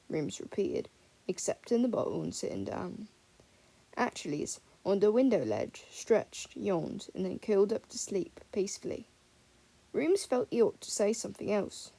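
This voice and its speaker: A woman's voice: medium pitch, sing-song, moderate pace, vocal fry, mellow, husky. A woman narrating a fan fiction audiobook, reading the dialogue with small shifts between characters.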